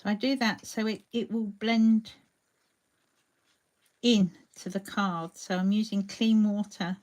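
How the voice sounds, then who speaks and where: A woman's voice: medium pitch, fairly even intonation, slow pace, a little mellow. A woman hosting a live crafting tutorial, chatting along and greeting viewers by name as she paints. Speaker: crafting demonstrator.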